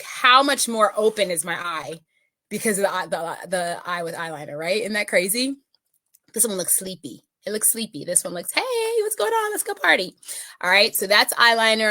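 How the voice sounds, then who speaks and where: A woman's voice: medium pitch, fairly bright tone, dry recording. A middle-aged woman giving a casual makeup tutorial, chatting with viewers and often checking in with them. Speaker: makeup consultant.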